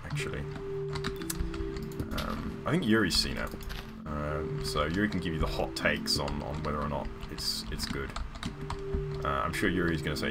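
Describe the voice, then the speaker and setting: A man's voice: rumbling low, normal speed. A man chatting casually while live-streaming a game, rambling with lots of ums and restarts. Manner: rambling, hesitant, many fillers and restarts. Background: background music.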